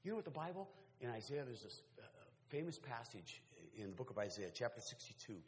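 A man's voice: medium pitch, big pitch swings, fairly quick, a little hiss or hum. Fervent male preacher in a reverberant hall. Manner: swings from soft, intimate talk to loud, fervent exhortation. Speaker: pastor. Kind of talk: sermon.

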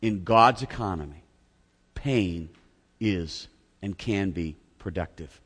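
Delivering a sermon, this middle-aged pastor speaks slowly in a deep, slightly rough voice while poking fun at himself through an animated story. At points he acts out shouting, all captured with a long reverb typical of a hall.

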